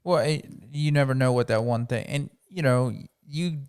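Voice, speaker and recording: Smooth-voiced male podcast host. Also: mid-range voice, moderate pace, darkish tone. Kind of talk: casual interview chat.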